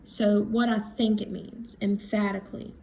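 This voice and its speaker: A woman teacher giving a recorded reading lesson, talking slowly and thinking aloud as she works through words. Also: mid-range voice, level tone, warm tone, a little hiss or hum. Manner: slow, thinking aloud while writing.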